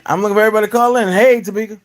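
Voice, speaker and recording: A man's voice: high-pitched, steady tone, rapid-fire. A man with hosting a live call-in stream, joking and boastful in casual chat.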